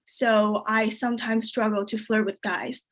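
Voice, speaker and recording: A woman performing a stand-up comedy set, whose first language is Chinese, telling jokes in a deadpan way and jumping much higher when she quotes people. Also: unhurried. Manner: deadpan delivery, jumps high for quoted voices.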